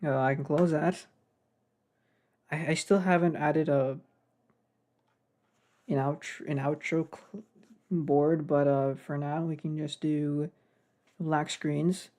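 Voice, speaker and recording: A man's voice: fairly high pitch, fairly even intonation, slow pace, long pauses, a little mellow. A young man casually narrating his game development work, rambling and getting sidetracked. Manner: rambling, self-deprecating, gets sidetracked. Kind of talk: casual devlog commentary.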